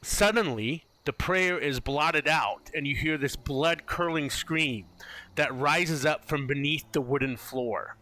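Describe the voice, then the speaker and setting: A man running a tabletop game as game master, narrating scenes in an animated, descriptive way. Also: on the high side, takes it slowly. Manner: descriptive, animated, laughs easily.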